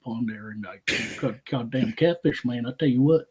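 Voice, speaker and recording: A man putting on a mumbling Southern fisherman buddy, drawling, easygoing, slurred words running together, husky throat. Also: medium pitch, moderate pace, mellow, lightly acted.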